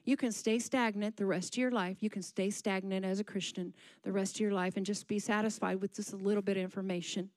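Woman preacher, mid-pitched, call-and-response delivery, dry close recording. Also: fairly even intonation, fairly quick, few pauses, a little mellow, no room sound. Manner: engages the congregation with questions and call-and-response. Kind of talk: sermon. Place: church service.

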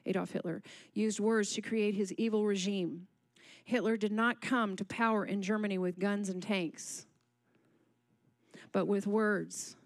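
Woman preacher, mid-pitched, call-and-response delivery, dry close recording. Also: fairly even intonation, moderate pace, no room sound. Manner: engages the congregation with questions and call-and-response. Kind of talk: sermon. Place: church service.

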